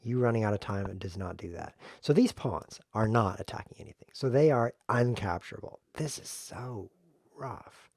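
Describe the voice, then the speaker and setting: A man streaming a chess game, talking to himself in a jokey, excitable way as he plays. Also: lowish voice, moderate pace, vocal fry, no echo, studio quality. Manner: jokey, excitable self-talk while playing. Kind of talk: live game commentary.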